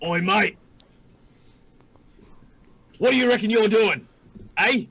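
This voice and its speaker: Guy doing a loud australian hobgoblin thug, pushy, calls everyone mate. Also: high-pitched, takes it slowly, slightly rough, voice pushed up, exaggerated voice. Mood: taunting. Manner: aggressive, taunting, says mate and oi. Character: surly human-sized male hobgoblin thug.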